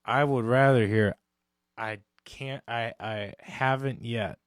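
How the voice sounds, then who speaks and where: A man's voice: mid-range voice, steady tone, slow, no echo, clean studio sound. A man co-hosting a comedy podcast in casual chat, teasing and joking. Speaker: co-host.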